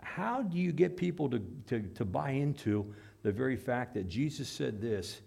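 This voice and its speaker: A man's voice: mid-range voice, lively intonation, normal speed, vocal fry, a little mellow, breathy edge. A man preaching a sermon in an emphatic, dramatic way, acting out the voices he quotes.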